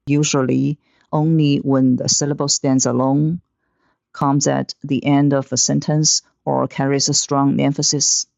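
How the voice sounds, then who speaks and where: A man teaching Mandarin pronunciation in a slow, deliberate, instructive scripted lesson. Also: mid-range voice, flat delivery, gravelly, darkish tone, dry recording. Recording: dull, slightly lo-fi, dry sound.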